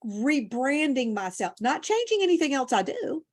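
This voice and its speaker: Animated woman telling stories. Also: high voice, normal speed. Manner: animated, storytelling, emotional at times. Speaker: keynote speaker, guest. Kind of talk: conversational interview.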